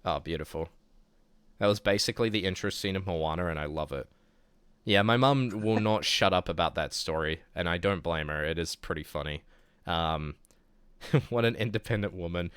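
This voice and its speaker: Male streamer, New Zealand accent, lower pitch, smooth, dry sound, rambles casually. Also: moderate pace, fairly bright tone, no echo. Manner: rambling, full of filler words. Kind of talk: casual chat storytelling.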